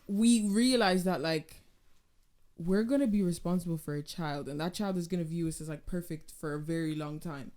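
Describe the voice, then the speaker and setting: Young woman host chatting casually, animated, laughs a lot. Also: fairly low pitch, moderate pace. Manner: animated, laughs often, slips into French. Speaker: podcast host. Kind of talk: casual chat.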